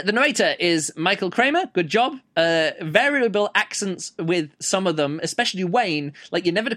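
A man's voice: fairly high pitch, a bit bright. A man giving a casual, rambling book review, playful and full of fillers.

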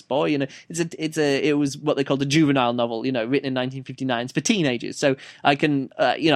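A man hosting a podcast reviews a book off the top of his head, rambling, restarting and correcting himself, and laughing at his own stumbles. His mid-range voice comes through a dry, clean studio recording.

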